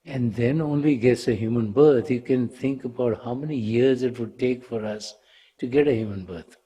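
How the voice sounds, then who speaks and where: A man's voice: mid-range voice, moderate pace, dark tone, slightly rough. A man giving a spiritual talk as a teacher, telling a parable in a conversational way and often saying "you know".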